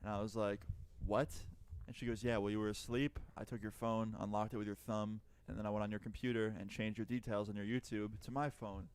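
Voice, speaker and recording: A man's voice: fairly low pitch, little pitch movement, fast talker, hardly any pauses, darkish tone, clear, resonant tone. A man telling a personal story in a chatty, profane way, acting out both sides of the dialogue. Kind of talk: casual storytime narration.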